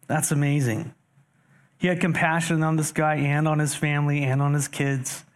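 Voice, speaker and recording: Speaking at a moderate pace in a voice on the high side, this male pastor delivers a sermon. He reads verses of scripture, explains them, and addresses his congregation directly, using animated rises for emphasis along with rhetorical questions.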